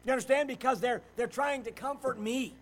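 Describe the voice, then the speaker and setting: Middle-aged male pastor, high-pitched; delivers a sermon, loud at times, quiet at others. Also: steady tone, fairly quick, poor audio. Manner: swings between loud preaching and quiet storytelling.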